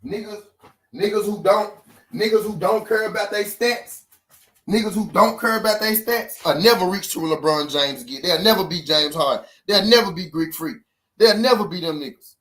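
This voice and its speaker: Man hosting live sports talk, high-pitched, argues and swears, repeats lines. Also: moderate pace, bright, forceful tone. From Memphis, Tennessee. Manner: profane, repetitive, argumentative.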